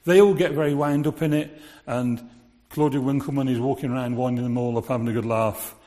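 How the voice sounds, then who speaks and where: A man's voice: mid-range voice, steady tone, brisk, mellow. A man giving a sermon in a conversational way, asking his listeners rhetorical questions. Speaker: preacher. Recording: long reverb of a large hall.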